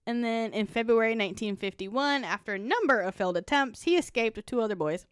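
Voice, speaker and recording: A woman's voice: a little high, expressive, fast talker, clean tone, no echo, studio quality. Woman reading true crime, blunt asides. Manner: reads notes then adds blunt, profane asides with laughs. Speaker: podcast co-host. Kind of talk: casual true-crime podcast chat.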